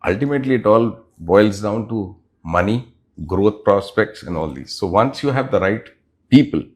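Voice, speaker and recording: As an interview guest, this middle-aged business unit head answers questions in a fairly low voice with lively intonation. He lays out his points carefully and leaves pauses between phrases.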